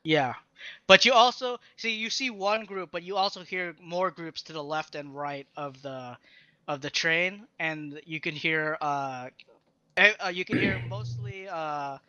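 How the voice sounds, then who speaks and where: A young man running a tabletop game as game master, describing the scene in halting bursts with many fillers. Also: a little high, pushed and bright, clear, resonant tone, no room sound. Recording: dull lo-fi dry recording.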